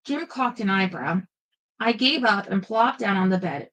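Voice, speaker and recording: A woman's voice: medium pitch, expressive, moderate pace, fairly bright tone, low-quality recording. A woman reading a first-person paranormal romance aloud with playful expression, stopping now and then for chatty asides. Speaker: audiobook narrator.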